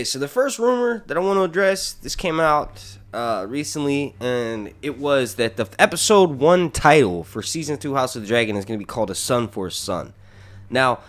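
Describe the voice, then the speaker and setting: A man of middle pitch talks through rumors in a casual vlog, chatty and loose, often tagging his points with a quick question. Soft music plays faintly behind him. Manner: chatty, tags on "right?" often. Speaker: YouTube fan-theory host.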